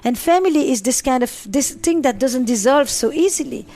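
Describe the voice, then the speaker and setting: A woman's voice: high-pitched, lively intonation, normal speed, dark tone. A woman therapist answering interview questions, stressing points by repeating and listing words. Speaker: relationship therapist.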